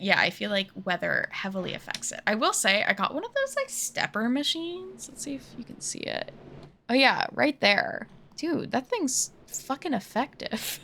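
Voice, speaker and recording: Woman streaming at home, casual gaming chat, bright tone, gravelly fry, self-mocking, faint hiss behind. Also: mid-range voice. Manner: chatty and self-mocking, laughs often.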